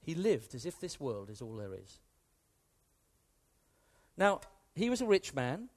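Animated British preacher with high, lively voice. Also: male voice, a little slow. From Britain. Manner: animated and conversational, shifting from hushed to emphatic. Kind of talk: sermon.

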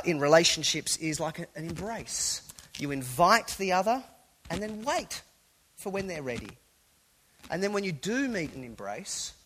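A man with a slightly high voice preaches to a congregation in a church hall. He swings between loud emphasis and quiet asides, conversational and lively, with playful jokes along the way. A faint hiss sits under the recording. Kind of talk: sermon.

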